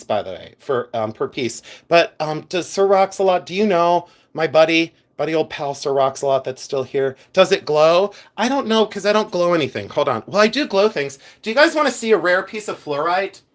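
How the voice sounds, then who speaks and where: Showing off gems on a live stream, a man with a high-sitting, fairly bright voice chats informally with his audience. He giggles frequently and drifts into rambling asides.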